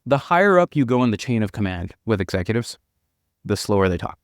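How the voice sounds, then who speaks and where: A man telling a sales story and giving cold-calling advice in a measured, deliberate way. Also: fairly low pitch, big pitch swings, no room sound, studio quality. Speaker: sales expert.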